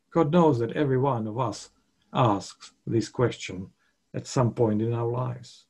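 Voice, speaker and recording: A man's voice: medium pitch, a little mellow, husky. A man preaching a sermon in an emphatic way, repeating his key points.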